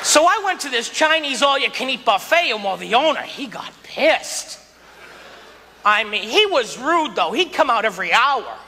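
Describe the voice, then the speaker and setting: A man with a very high, wildly swinging voice delivers stand-up comedy, exclaiming and leaping in and out of voices. He is recorded in a theater hall with long reverb. Loud crowd laughter and heavy noise wash under him. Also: normal speed. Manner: animated, exclaiming, jumps into voices.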